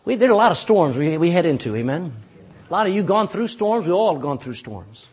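A man's voice: high voice, very animated, a little fast, darkish tone, husky. A pastor preaching a sermon in church, folksy and emphatic, talking straight to his congregation.

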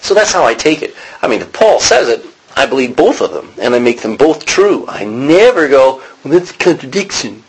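A man's voice: medium pitch, normal speed, slightly rough, rough recording. A man teaching an informal Bible study, asking the class questions and acting out the lines he quotes. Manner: animated, acts out quotes, asks the class questions.

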